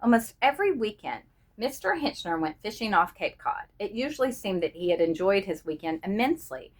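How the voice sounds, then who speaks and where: A woman reading a short story aloud in a measured, expressive narrating manner. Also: mid-range voice. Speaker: reader.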